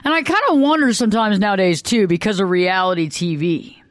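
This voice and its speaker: A woman, a couples therapist, talking casually and acting out quoted arguments in sudden high bursts. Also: animated, a little fast, no room sound, clean studio sound. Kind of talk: casual solo monologue.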